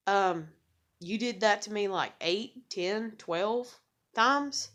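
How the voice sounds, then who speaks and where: A woman's voice: on the high side, animated, a little slow. A woman venting in an angry, profane vlog monologue, blunt and bitter, often repeating words as she gets worked up. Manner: heavy swearing, bitter and blunt; repeats and restarts words when agitated. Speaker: vlogger. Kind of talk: angry ranting monologue to camera.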